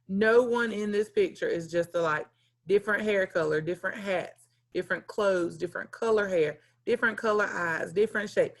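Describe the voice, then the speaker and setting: A woman teacher giving a recorded lesson in clear, deliberate teacher talk, stepping through lists point by point. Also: mid-range voice.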